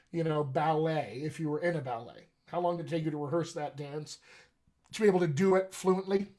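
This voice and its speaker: A man's voice: fairly high pitch, a little mellow. A middle-aged man coaching actors on accents in a live question-and-answer session, chatty and enthusiastic. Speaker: dialect coach.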